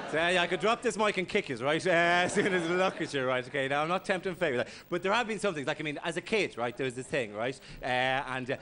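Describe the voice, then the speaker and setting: Brief: Irish man doing stand-up, animated, shouty bursts, high voice, noisy live recording. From Ireland. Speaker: stand-up comedian. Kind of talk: stand-up comedy set.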